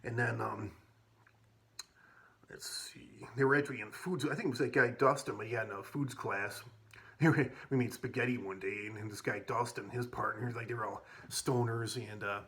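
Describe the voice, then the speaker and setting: A man spins loose, rambling stories from his school years, often starting over mid-sentence. He swears freely. His voice sits at an ordinary middle pitch. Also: fairly even intonation, normal speed, fairly bright tone. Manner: rambling, with many restarts and casual swearing. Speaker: vlogger. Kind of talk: casual storytelling.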